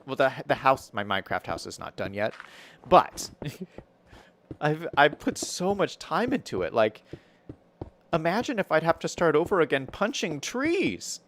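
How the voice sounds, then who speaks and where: Streaming a building game, an American man chats easily with his viewers and talks through his building decisions out loud, laughing frequently. He speaks a little high in a sing-song, measured way with a slightly bright tone, and a faint hiss or hum is audible.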